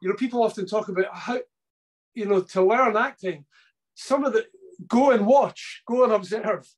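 A man's voice: high voice, moderate pace. A man interviewing a director over a video call, eager and free-associating, laughing often between questions. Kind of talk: conversational interview. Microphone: online video call.

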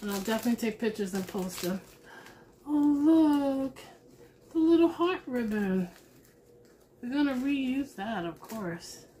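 Excitable woman vlogger, slightly high voice, slow unhurried delivery, faint room noise behind. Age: adult with a son. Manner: gushing, excitable, talks to viewers. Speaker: crafting vlogger. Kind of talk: casual unboxing chat.

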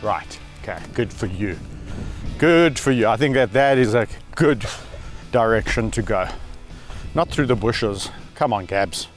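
A man's voice: on the low side, unhurried, soft background music. A man running a vlog outdoors at a wildlife sanctuary, cooing and calling to the lions with affection. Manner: animated, coos and calls to the lions with affection. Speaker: wildlife sanctuary keeper and channel host. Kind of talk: casual vlog narration while handling lions.

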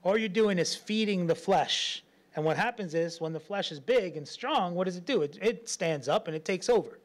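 A man's voice: high-pitched, moderate pace. A man preaching a sermon as pastor, telling stories with lots of laughter and acting out the voices of people in them. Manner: animated storytelling, laughs often, acts out quotes.

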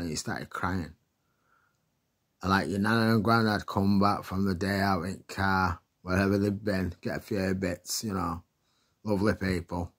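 A middle-aged man tells rambling stories in a chatty way, laughing often and filling his talk with fillers. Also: low voice. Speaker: vlogger. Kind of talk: casual rambling storytelling.

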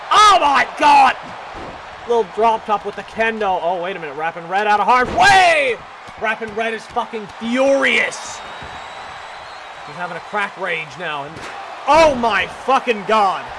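A man's voice: sits high, animated, unhurried. Hyped, profane young male game commentator. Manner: profane, hyped, shouts at big moves. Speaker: gaming commentator. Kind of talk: excited play-by-play commentary. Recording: loud game crowd noise behind. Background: video game crowd and noise.

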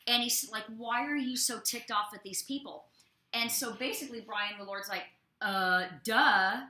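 A woman prophet co-hosting a ministry show, teaching from the Bible in an expressive way with folksy asides to her listeners. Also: on the high side, normal speed. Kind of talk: animated preaching and Bible teaching. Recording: echoey room.

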